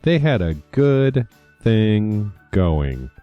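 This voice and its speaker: Slow low-voiced man reading a story. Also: sing-song, no echo, muffled recording, faint music behind. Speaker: educator reading a picture book aloud. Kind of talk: storybook read-aloud.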